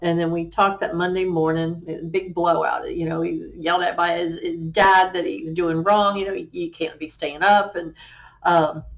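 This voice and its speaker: A middle-aged woman, a life coach, sharing her personal story on a talk show in an earnest, halting way, with many fillers and restarts. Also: on the low side, flat delivery, gravelly. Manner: quotes remembered conversations.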